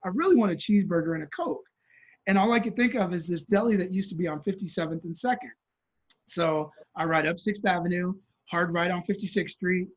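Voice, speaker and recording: A man's voice: sits high, highs cut off. A man telling a vivid story as an interview guest, acting out the voices of people in it.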